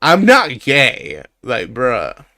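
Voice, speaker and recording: A man's voice: medium pitch, huge pitch swings, very slow, bright, forceful tone. A young man streaming live, chatting casually, laughing a lot and brushing off his friend's teasing. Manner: laughs often, denies teasing with "bruh".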